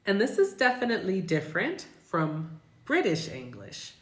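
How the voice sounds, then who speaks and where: A woman's voice: medium pitch, wildly swooping pitch, normal speed, fairly bright tone, roomy sound. An American woman teaching English pronunciation, speaking carefully and repeating example words. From United States. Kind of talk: pronunciation lesson.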